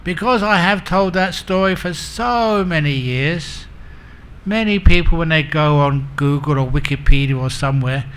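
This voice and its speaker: A man's voice: fairly high pitch, normal speed, a bit bright, smooth. A man giving a humorous Buddhist dharma talk as a monk teacher, telling stories and acting out the characters. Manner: humorous, self-mocking.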